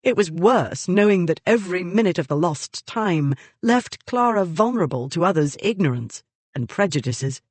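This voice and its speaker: Audiobook narrator, measured, even, mid pitch, dry close sound. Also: no room sound. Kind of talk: scripted narration.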